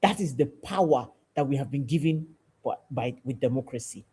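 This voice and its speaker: A woman's voice: very deep voice, expressive, moderate pace, mellow, slightly rough. A woman, hosting a show and giving an emphatic, preachy talk that repeats phrases for stress. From Nigeria. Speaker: podcast host. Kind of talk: passionate civic talk to camera.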